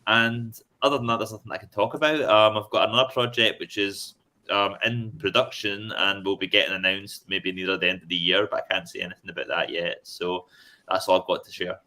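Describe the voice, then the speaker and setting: A man talking as a guest in a casual chat over a video call, relaxed and full of ums. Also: fairly low pitch, a little fast. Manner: relaxed, plain, with many ums. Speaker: guest comics writer.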